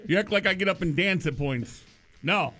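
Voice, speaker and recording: A man's voice: sits high, normal speed, bright, forceful tone, faint music behind. A male morning radio co-host in the studio, dry and unbothered, chuckling through the banter. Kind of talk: laid-back radio banter.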